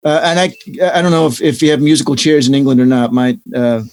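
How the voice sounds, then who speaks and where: A man in his fifties, an economics professor, answering interview questions as an animated storyteller who acts out quotes. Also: mid-range voice, quick pace.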